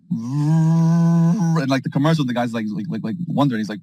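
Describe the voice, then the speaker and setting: A man chatting casually from a parked car, telling a rambling, excitable story packed with fillers and slang. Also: fairly high pitch, quick pace, no room sound, low-quality recording. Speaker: space participant. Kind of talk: casual chat.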